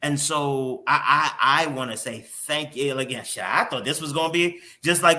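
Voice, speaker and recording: A man's voice: fairly high pitch, moderate pace, few pauses, bright, forceful tone. A man hosting a morning show interview who talks candidly and openly emotionally, with some casual swearing.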